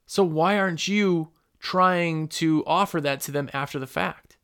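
A man's voice: fairly high pitch, a little slow, fairly bright tone, clean tone. A man hosting a podcast, talking casually and rambling as he gives business advice and acts out customer calls at his microphone. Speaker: podcast host for window cleaners. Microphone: microphone at a computer.

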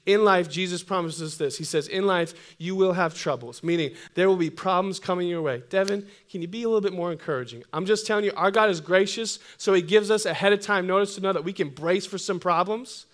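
A young man preaching a sermon, joking and energetic, calling on the congregation to repeat after him. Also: high voice, fast, few pauses. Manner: humorous, energetic, call-and-response with congregation. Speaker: pastor.

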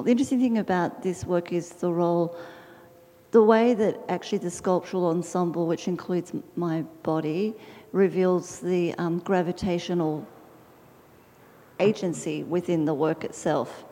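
A woman's voice: on the low side, measured pace, long pauses, warm tone. A woman artist talking about her own work in a searching way, restarting phrases with many ums. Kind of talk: public talk about her artwork. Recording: long reverb of a lecture hall.

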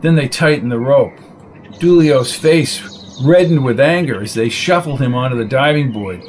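A man's voice: medium pitch, animated, normal speed, darkish tone, slight background noise, low-quality recording. Man narrating a crime story. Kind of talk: audiobook reading.

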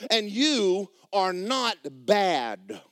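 A man preaching in a church, telling a story and acting out the people in it with sudden loud bursts. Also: very slow, clean tone, dry recording, studio quality. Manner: animated, acts out quotes with sudden loud high bursts. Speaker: pastor. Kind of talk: sermon storytelling. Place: church sanctuary.

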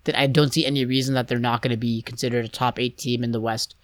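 A man's voice: medium pitch, level tone, quick pace, dry recording. Young guy rambling about hoops, lots of restarts and "like"s, dry close sound. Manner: rambling, hesitant, many restarts and fillers. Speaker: podcast co-host. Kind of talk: casual sports chat.

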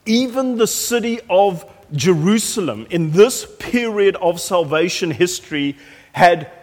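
Animated preacher, echoey hall. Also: male voice, sits high, measured pace. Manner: animated, emphatic storytelling with repetitions. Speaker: pastor. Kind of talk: sermon.

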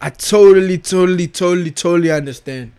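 Reviewing a TV show, a young vlogger rants fast and emphatically into a close, dry mic that picks up no room sound. His slightly high voice is a little mellow, clear and resonant, and his restless delivery is heavy with slang, swearing and filler words of address.

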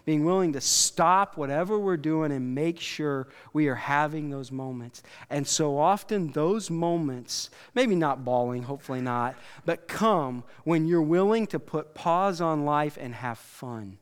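Male pastor, middle-aged, slightly high voice, smooth and clear, chatty halting sermon, long hall reverb. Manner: conversational, halting, with many restarts and asides to the audience.

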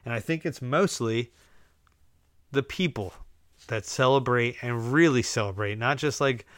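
A man's voice: medium pitch, fairly bright tone, clean tone, no room sound, studio quality. A young man hosting a casual solo podcast, ranting sarcastically and laughing at his own jokes. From United States. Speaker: podcast host.

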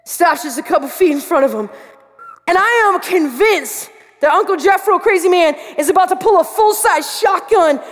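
A high-voiced woman pastor preaching to students, shifting into animated storytelling and acting out her own alarm. Her voice carries with a long reverb, as if filling a large hall. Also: moderate pace. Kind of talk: sermon to students with a personal story.

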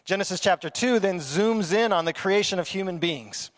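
A man preaching a sermon in a lively, conversational way, with playful asides and quoted voices. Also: high voice, normal speed, big-room sound. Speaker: pastor.

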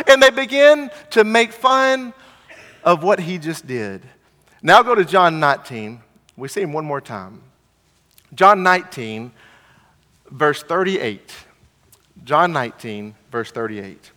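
In a large hall, a preacher delivers a sermon in a high-pitched, pushed, bright voice with big pitch swings and a measured pace. He's earnest, repeats his phrases, reads scripture and mockingly plays the Pharisees.

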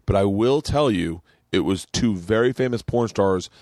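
A man hosting a podcast, telling stories with lots of swearing and climbing up high and loud whenever he quotes himself. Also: moderate pace, no echo, studio quality. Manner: animated storytelling, rising loud and high in quoted outbursts, swears a lot. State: tipsy. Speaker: podcast host. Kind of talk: casual podcast chat.

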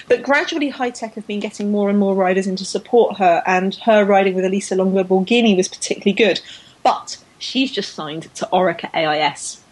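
A woman's voice: medium pitch, brisk, rough recording. A woman co-hosting a casual podcast chat, enthusiastic and full of fillers and restarts. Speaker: podcast co-host. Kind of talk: casual chat about women's cycling.

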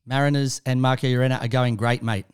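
A man's voice: mid-range voice, steady tone, fast, smooth. An Australian man hosting sports talk radio, upbeat and chatty, with friendly banter.

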